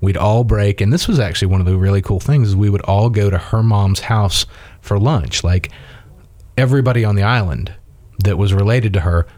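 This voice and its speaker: A man with a low, mellow voice tells rambling stories in a casual chat, full of fillers and restarts. He grew up in Mississippi. The recording is dry and close. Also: fairly quick, no echo. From Mississippi, USA. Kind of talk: casual conversation.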